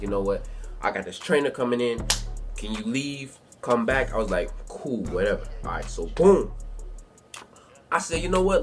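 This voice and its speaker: A young man telling a story from his life in a casual, rambling way at home, full of slang and filler phrases. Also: medium pitch. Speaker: youtuber. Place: bedroom at home.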